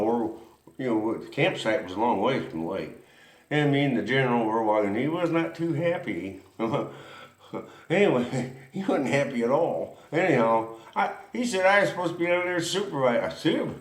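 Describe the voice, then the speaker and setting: A man's voice: mid-range voice, big pitch swings, normal speed, echoey room. A man hosting a racing history show, rambling through a folksy story with lots of chuckles and asides.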